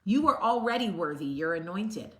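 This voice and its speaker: A woman's voice: on the low side, animated, moderate pace, a bit bright. A woman host giving a blunt, sassy motivational talk straight to the camera. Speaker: vlog host. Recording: roomy echo.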